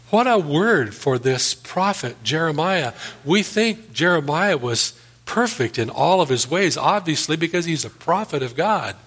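Male pastor, slightly higher voice, earnest sermon and prayer, exhorting tone. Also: very animated, measured pace, a bit bright, breathy edge.

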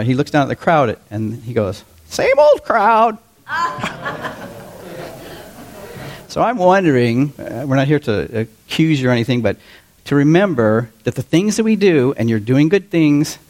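A man in his fifties preaching a sermon to his congregation in a relaxed, conversational way, often asking them questions. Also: medium pitch. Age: 50s. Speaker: pastor.

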